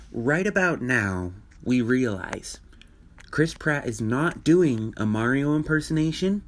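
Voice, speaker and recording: A man giving casual, opinionated commentary on a film trailer, thinking aloud with restarts and fillers. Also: medium pitch. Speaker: video commentator.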